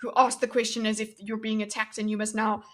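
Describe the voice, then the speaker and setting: Bright-voiced woman streamer thinking aloud. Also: on the high side, little pitch movement. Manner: thinking aloud, halting with fillers and restarts; reads and answers live chat. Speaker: streamer analyzing a debate. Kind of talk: casual live-stream commentary.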